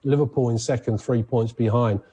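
A man's voice: mid-range voice, steady tone, fairly quick, dark tone, breathy edge. A man giving a casual radio sports chat, chatty and rambling, with frequent restarts. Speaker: sports presenter.

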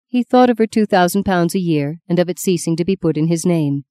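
A woman reading a novel aloud as an audiobook narrator, in a lyrical, measured storytelling manner. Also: lowish voice, animated, warm tone, no echo. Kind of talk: scripted narration.

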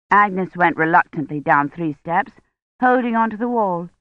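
A woman narrating an audiobook in a measured, even storytelling manner. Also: lowish voice, dry recording. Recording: dull dry recording.

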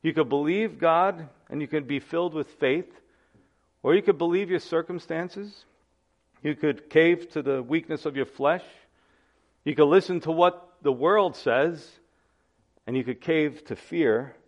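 A man's voice: fairly high pitch, unhurried, highs cut off. A man preaching a sermon as pastor, emphatic and repeating key phrases, calling his listeners guys.

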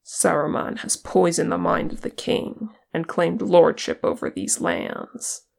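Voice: mid-range voice, very animated, measured pace, gravelly, full character voice. A reader voicing a proud, suspicious male horse-lord captain with a guarded, bitter manner in an audiobook. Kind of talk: audiobook character reading.

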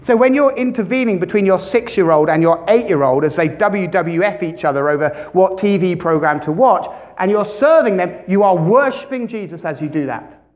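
A man preaching a sermon as pastor, animated, with big swings in loudness and questions put to the congregation. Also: sits high, moderate pace. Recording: dull lo-fi sermon recording.

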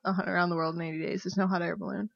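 A woman guest on a podcast chatting casually and telling a story, animated and giggly, acting out what people said. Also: racing, vocal fry, no echo, highs cut off. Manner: animated, giggly, acts out quotes in a high voice.

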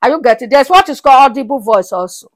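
A woman with a high voice preaches quickly, reading Bible verses aloud and repeatedly asking the congregation if they're following. Between verses she bursts into laughter and praise, animated throughout.

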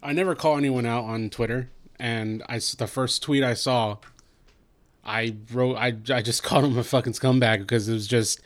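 A man's voice: medium pitch, steady tone, moderate pace. A man co-hosting a podcast, talking bluntly and angrily, with frequent swearing. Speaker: podcast co-host. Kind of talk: heated podcast discussion.

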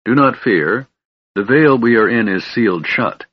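A man's voice: mid-range voice, animated, moderate pace, husky, no room sound, lo-fi sound. A man putting on a solemn young elf maiden.

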